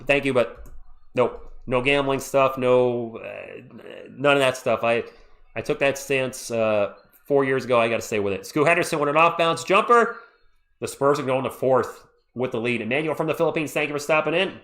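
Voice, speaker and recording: A man hosting a live play-by-play stream, calling the action and chatting with viewers in an excitable, jokey way. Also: medium pitch, normal speed. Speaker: livestream play-by-play host. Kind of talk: live play-by-play with chat reactions.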